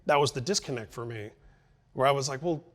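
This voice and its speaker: A man's voice: medium pitch, fast, a bit bright. A middle-aged man hosts a conversational interview in an ordinary mid-range voice. He speaks in long, reflective turns and builds his points thoughtfully. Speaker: interview host.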